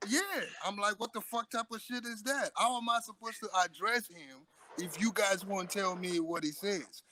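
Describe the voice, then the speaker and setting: A man in his thirties telling a story in a casual, profane, animated chat. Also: high voice, normal speed. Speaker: podcast co-host.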